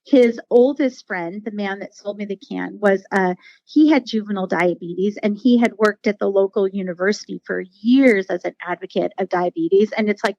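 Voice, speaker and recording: A woman guest tells a personal story in a heartfelt, rambling way, circling back with fillers and restarts. Her voice sits at an ordinary middle pitch. The sound is dull and a bit muffled, and very dry. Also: moderate pace, creaky, darkish tone, no echo. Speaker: podcast guest. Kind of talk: casual storytelling interview.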